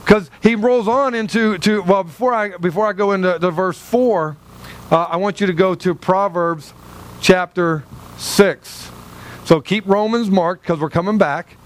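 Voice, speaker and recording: High-voiced pastor preaching a sermon. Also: male voice, unhurried. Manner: conversational preaching with frequent restarts; acts out quoted voices.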